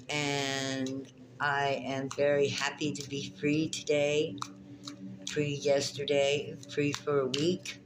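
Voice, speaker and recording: A woman's voice: low voice, background noise. A woman giving a spiritual tarot reading in a vlog, talking in an emphatic, passionate way and often repeating her phrases. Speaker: tarot reader and spiritual teacher.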